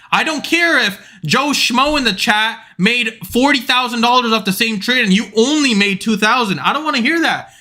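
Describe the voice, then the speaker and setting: A man's voice: high-pitched, pushed and bright. A man hosting a live trading stream, lecturing his viewers bluntly and swearing freely. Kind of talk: live stream talk to chat.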